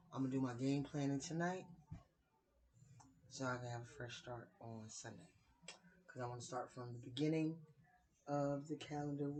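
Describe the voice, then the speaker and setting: A woman in her late thirties sharing her opinions in a casual vlog, speaking in a deliberate, conversational way with playful dramatic asides. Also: rumbling low, low-quality recording. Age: 30s. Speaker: vlogger.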